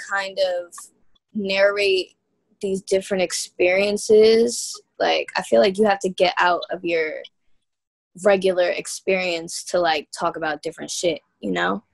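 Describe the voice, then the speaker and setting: A woman's voice: mid-range voice, slow, creaky. A young woman from New York, a guest musician telling stories in a loose, slangy, laid-back way during a casual interview chat.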